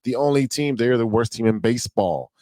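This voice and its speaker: A man's voice: mid-range voice, expressive, fairly quick, warm tone, no echo. A man hosting a podcast in casual chat, easygoing, laughing along and running through stats. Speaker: podcast host.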